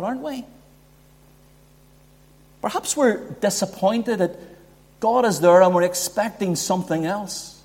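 A man's voice: high voice, darkish tone. A man preaching a sermon, building emphasis and asking rhetorical questions. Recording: long hall reverb.

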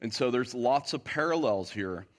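A man's voice: medium pitch, animated, normal speed. A man preaching a sermon to his congregation as pastor, emphatic, often asking the listeners rhetorical questions. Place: church.

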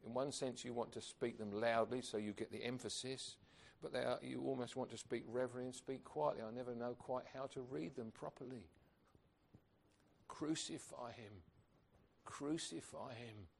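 A man's voice: mid-range voice, steady tone, brisk, vocal fry, few pauses. A man preaching a sermon, earnest and emphatic, asking rhetorical questions of his congregation.

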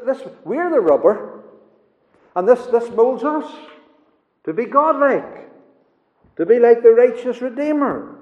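A man preaching a sermon in an earnest, emphatic way, his phrases often falling soft at the end. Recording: echoey hall, dull low-fi sound.

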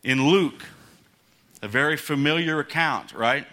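A man's voice: fairly high pitch, a little slow, bright, forceful tone. A man preaching a casual, conversational sermon as pastor, chuckling between points and acting out the quotes in his story.

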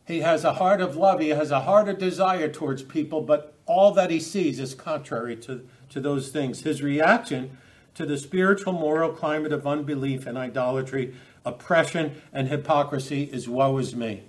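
A man's voice: on the high side, normal speed. A man preaching a sermon, often restarting and repeating words as he quotes scripture.

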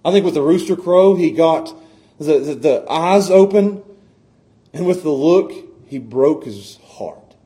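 Middle-aged man as preacher; slightly high voice, swings between soft intimacy and fervent emphasis. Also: expressive, measured pace. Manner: swings from hushed to loud and impassioned, with repeated stammered restarts. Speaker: pastor. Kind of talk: sermon.

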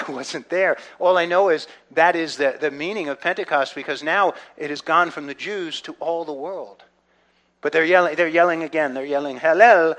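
Man, Bible teacher, earnest, conversational, fairly high-pitched, soft to loud. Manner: earnest, often checks in with "right?"; swings between soft reflective and loud excited delivery.

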